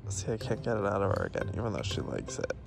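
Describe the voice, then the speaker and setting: Playful man cooing at puppies, lively pitch. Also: fast talker, creaky. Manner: playful, coos baby talk at the dogs. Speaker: vlogger host. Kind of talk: casual vlog chat with pets. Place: home, by a pool. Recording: noisy background with dog sounds. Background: dogs and puppies.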